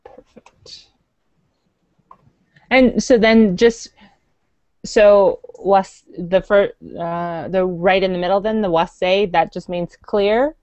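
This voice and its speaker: A woman learning a language speaks slowly, asking curious questions and laughing easily. Her voice sounds dry and close, with a muffled lo-fi quality. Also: medium pitch, fairly even intonation, a little mellow, smooth, no echo. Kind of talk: casual lesson chat.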